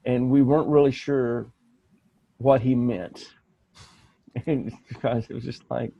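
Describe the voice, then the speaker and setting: A man's voice: mid-range voice, fairly even intonation, slow pace, creaky, pauses often, dark tone, no room sound, lo-fi sound. A man co-hosting a podcast, telling rambling anecdotes in casual chat with frequent restarts. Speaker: podcast co-host.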